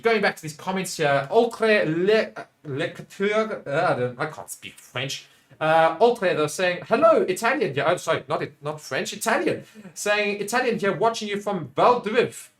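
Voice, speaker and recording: Speaking at a measured pace, a young South African watchalong commentator gives play-by-play on a rugby match. Attacking plays make him loud and excited, while viewer comments get read in a low, quiet voice.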